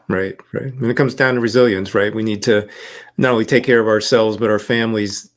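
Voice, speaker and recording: A man hosts a podcast interview in a measured, affirming manner, his voice sitting slightly low. He pauses often with fillers as he gathers his thoughts. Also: steady tone. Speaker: podcast host. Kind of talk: interview conversation.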